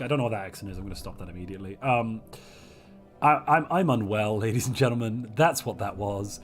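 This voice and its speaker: A man hosting a multiplayer strategy game livestream, hoarse from a chest infection, joking in a playful, theatrical way. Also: fairly low pitch, fast, faint music behind. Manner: playful, theatrical royal pronouncements. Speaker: streamer host.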